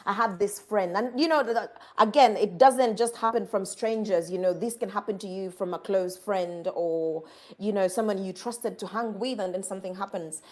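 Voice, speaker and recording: Woman from uganda, earnest, halting, lots of restarts and fillers, telling her own story. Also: medium pitch. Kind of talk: personal story in a conversation.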